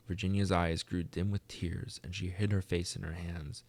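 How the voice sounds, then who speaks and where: A man narrating a classic tale in an audiobook reading. His voice sits very low with a gravelly crackle, and he keeps a measured, soft storytelling pace. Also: little pitch movement. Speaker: reader.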